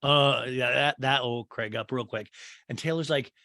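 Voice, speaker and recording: A man hosting a podcast, retelling a reality show reunion in a rambling, animated way with lots of fillers and quick voices for the cast. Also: medium pitch, gravelly, no room sound, studio quality. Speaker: podcast host. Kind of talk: casual recap of a reality show.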